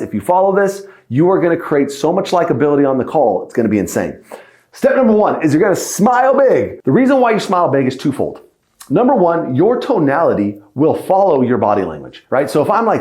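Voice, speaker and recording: A man teaching sales calls in a podcast lesson. He coaches in a lively way, checks in often with "right?" and "okay?", and acts out sample lines. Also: on the high side, roomy sound. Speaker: sales trainer.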